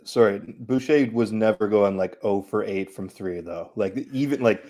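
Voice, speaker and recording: A man's voice: lowish voice, normal speed, dark tone. A man co-hosting a casual sports talk show who speaks hesitantly, with many fillers, before making a firm point. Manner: hesitant, filler-heavy, then emphatic. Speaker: podcast co-host.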